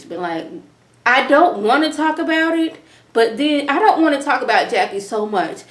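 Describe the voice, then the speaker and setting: Young woman ranting about a tv episode, chatty, does little mocking voices, roomy echo. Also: fairly high pitch. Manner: animated, chatty, slips into mocking impressions. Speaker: reality TV reviewer. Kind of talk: casual on-camera episode review. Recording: echoey room.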